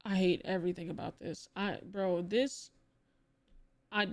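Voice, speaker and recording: A woman streamer reacting to a video in casual live-stream talk, animated and exclaiming, swearing often and firing off rhetorical questions. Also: mid-range voice, measured pace.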